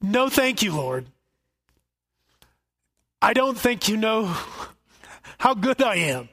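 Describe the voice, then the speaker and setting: A man's voice: sits high, big pitch swings, slow, fairly bright tone, heavily acted. A man voicing the apostle Peter, stubbornly protesting and justifying himself in a sermon retelling.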